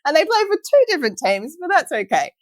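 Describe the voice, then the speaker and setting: A woman's voice: high-pitched, sing-song, fast talker, no echo, low-quality recording. Chatty woman in her thirties. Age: 30s. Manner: chatty storyteller, laughs often. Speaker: podcast guest. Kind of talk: casual chat.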